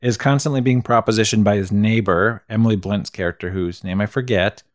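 A man's voice: fairly low pitch, a little fast, dry recording, clean studio sound. A man co-hosting a podcast, chatting casually about a film in a laid-back, rambling way. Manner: laid-back, rambling, chuckles at his own jokes. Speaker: podcast co-host. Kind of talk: casual film review chat.

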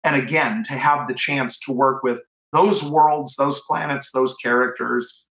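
A man's voice: mid-range voice, fairly even intonation, measured pace, a bit bright, echoey room, low-quality recording. A middle-aged man from Cleveland, telling enthusiastic stories as an author in an interview, with lots of restarts and fillers. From Cleveland, USA. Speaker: author and guest. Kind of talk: anecdotal interview storytelling.

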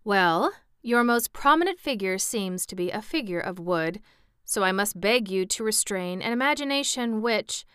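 A woman's voice: medium pitch, lively intonation, moderate pace, a bit bright, smooth, no room sound, studio quality, natural voice. A woman voicing a pompous, severe male scarecrow king who speaks in a lofty, reproving way, in a storybook reading.

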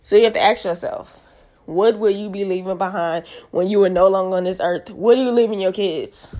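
A woman's voice: mid-range voice, a little fast, dark tone. Mom hosting her podcast, preachy and emphatic, keeps repeating herself to drive it in. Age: adult with kids. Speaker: podcast host. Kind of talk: motivational podcast monologue.

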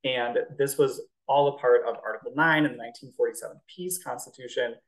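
A man's voice: mid-range voice, fairly even intonation, fast, poor audio. A young man co-hosting a podcast, chatting casually and explaining with jokey everyday comparisons. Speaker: podcast co-host. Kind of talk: casual chat.

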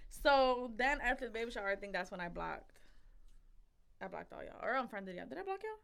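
High bright-voiced woman, blunt storyteller. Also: lively intonation, a little fast, vocal fry. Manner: blunt, profane storytelling with quoted comebacks. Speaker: podcast co-host. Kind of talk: casual chat.

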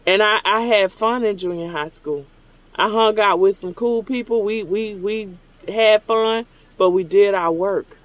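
High-voiced man telling rambling stories. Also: measured pace, fairly bright tone. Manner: rambling, conversational, acts out remembered dialogue. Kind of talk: casual storytelling while ordering at a drive-thru. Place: car at a drive-thru.

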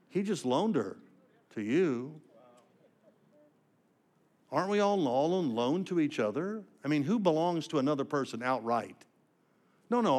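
An older male preacher delivers a personal sermon with a slightly high voice. He tells his story with raw feeling, dropping to a hush for heavy moments and rising emphatically for his points. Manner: emotional storytelling, dramatic swings from hushed to emphatic.

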